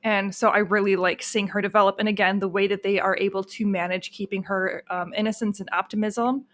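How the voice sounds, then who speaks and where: A woman speaks as a podcast co-host in a relaxed, casual way. Her pitch sits in the middle. She talks earnestly and pauses now and then to find the words. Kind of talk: casual chat.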